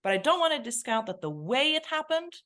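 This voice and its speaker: Animated woman with a lively voice. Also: high voice, brisk. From England. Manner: animated, acts out remembered voices. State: emotional, near tears. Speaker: podcast guest, TV presenter. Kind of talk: personal storytelling in conversation.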